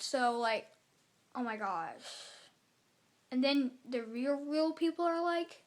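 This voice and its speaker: A woman's voice: sits high, unhurried. A young girl vlogging casually to camera at home, rambling and apologizing a lot, with little giggles. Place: at home in a room.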